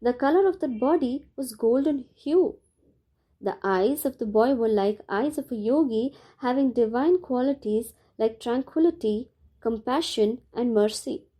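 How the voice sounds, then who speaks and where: A woman reads a devotional audiobook aloud in a measured, steady way. Her voice is mellow and soft-edged, and it sits a little above the usual range for a woman. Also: on the high side. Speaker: audiobook narrator. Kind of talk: scripted devotional narration.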